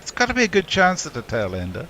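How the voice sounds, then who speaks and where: A man's voice: on the high side, huge pitch swings, quick pace, sharp tone, slight background noise. A man co-commentating on a cricket match, reading out listener messages in a casual way. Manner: reads out listener tweets.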